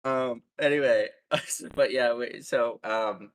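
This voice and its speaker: A man's voice: medium pitch, takes it slowly, poor audio. A young man hosting a casual podcast chat, who rambles with lots of fillers, swearing and frequent laughter. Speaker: podcast host.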